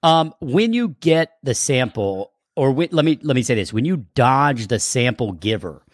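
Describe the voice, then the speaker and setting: A man's voice: mid-range voice, big pitch swings, moderate pace, no echo, clean studio sound. A man co-hosting a podcast, chatting casually and asking curious, probing questions. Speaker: podcast co-host. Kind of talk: casual chat.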